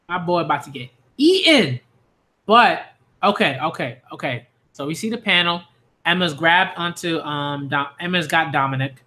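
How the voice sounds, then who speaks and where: A man reacting live to a manga chapter at home, reading panels aloud in a voice pitched a little high. He swings between loud cheering and quiet, hushed reading. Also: sing-song, normal speed. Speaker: manga reviewer.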